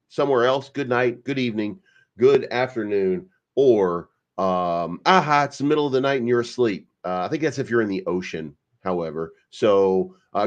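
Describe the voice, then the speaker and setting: A man's voice: lowish voice, darkish tone. A man hosting a crypto channel, chatting casually about the market in a rambling, joking way full of fillers and restarts. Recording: slightly dull lo-fi sound.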